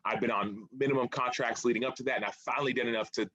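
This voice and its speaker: A man's voice: medium pitch, fairly even intonation, rapid-fire, sharp tone, no room sound, highs cut off. A man in his thirties, an author and former football player, telling his story in an interview in an earnest, reflective way and often repeating phrases.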